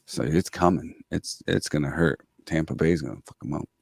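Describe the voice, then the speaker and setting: A man's voice: very deep voice, moderate pace, gravelly, darkish tone, no echo, clean studio sound. A man co-hosting a casual sports picks chat, joking around and making playful trash talk about the players. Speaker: co-host.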